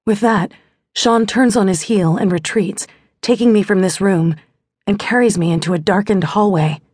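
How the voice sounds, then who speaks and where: A woman's voice: medium pitch, normal speed, a little mellow, breathy edge, no echo. A woman narrating a first-person romance audiobook in a wry, intimate storytelling manner on a close studio mic.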